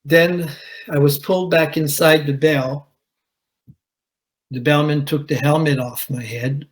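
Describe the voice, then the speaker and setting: A man, a commercial diver, telling his own story at a conference in a measured way, with pauses. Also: a little high, fairly even intonation, low-quality recording. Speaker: commercial diver giving a talk. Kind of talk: conference presentation, personal account. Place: conference hall.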